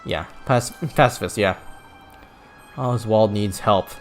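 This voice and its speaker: A man's voice: fairly low pitch, slow pace, faint music behind. A man streaming a video game, talking casually in a rambling way with many restarts and stumbles. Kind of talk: casual gameplay commentary.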